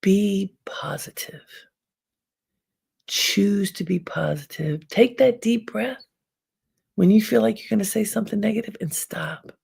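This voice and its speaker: Very gravelly, husky woman host. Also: mid-range voice. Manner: calm, unhurried advice with frequent pauses. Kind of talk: inspirational self-help talk.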